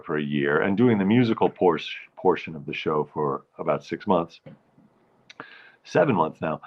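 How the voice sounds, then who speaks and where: On lo-fi audio, a low-pitched man with a sing-song delivery hosts his own nightly live show at normal speed. He chats casually, rambles, cuts himself off, and welcomes viewers by name.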